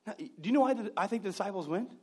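A male pastor delivers a sermon in a high, lively voice that leaps up and down. He tells stories with playful, sarcastic humor and mimics the people in them. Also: very fast, husky. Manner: animated storytelling with mimicked voices and asides.

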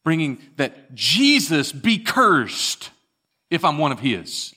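A man preaching a sermon, retelling scripture with dramatic swings between raised and hushed delivery. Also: a little high, sing-song, slow, slightly rough. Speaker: pastor.

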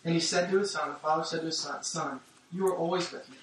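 A man's voice: fairly high pitch, steady tone, fast, fairly bright tone, slight background noise. A man giving a casual, conversational sermon with many fillers and restarts, recorded from a distance in an echoey room. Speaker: preacher.

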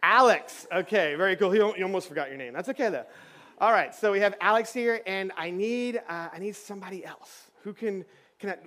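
High-voiced playful man leading kids. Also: a bit bright. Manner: playful, upbeat, chatty with many fillers. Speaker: children's pastor. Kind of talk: lively children's church talk. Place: church stage with kids and adults.

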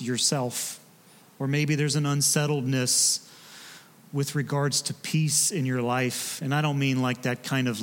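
Joking pastor in a reverberant hall. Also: male voice, medium pitch. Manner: conversational, joking asides with the congregation. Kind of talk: sermon. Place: church sanctuary.

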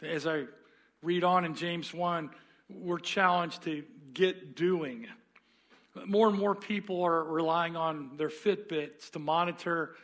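A man, a pastor, preaching a sermon and telling a story earnestly with dramatic pauses. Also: fairly high pitch, a bit bright.

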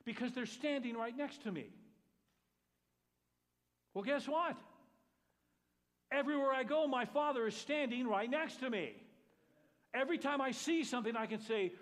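A man pastor preaching a sermon, talking to the congregation with asides, swinging between loud exclamations and hushed quiet remarks. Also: very high-pitched, expressive, normal speed. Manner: conversational, with jokes to the congregation. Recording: long reverb of a large hall.

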